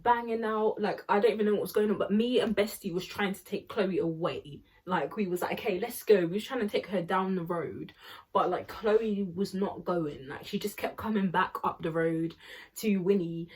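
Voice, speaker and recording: Chatty husky young woman telling a story. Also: medium pitch. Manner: chatty, rambling, full of fillers and laughs. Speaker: vlogger. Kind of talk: storytime vlog.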